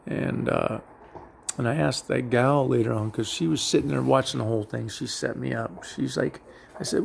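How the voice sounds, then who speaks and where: A middle-aged man with a heavily gravelly, fry-laden voice recounts a personal story. He rambles, swears freely and keeps restarting his sentences. A faint ambient hiss sits under the recording. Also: mid-range voice, moderate pace.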